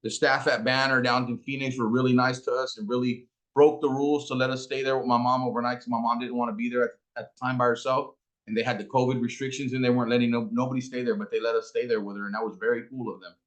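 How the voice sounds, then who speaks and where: A man in his forties telling a personal story about his late mother, slow and emotional, with some street slang. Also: mid-range voice, flat delivery, a bit bright. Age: 40s. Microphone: interview.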